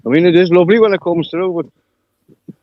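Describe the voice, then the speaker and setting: Geordie-ish north east guy chatting, higher voice, dull phone-y audio, lots of dialect words. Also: moderate pace, a little hiss or hum. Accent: North East English. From North East England. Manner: laughs often, local dialect words. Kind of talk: casual chat.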